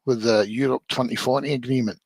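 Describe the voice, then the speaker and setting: A man at a middle pitch chats calmly as a guest on a stream. He is measured and pokes fun at himself. His voice sounds dry and close, with no room echo. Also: breathy edge. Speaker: guest on a livestream. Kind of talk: casual chat.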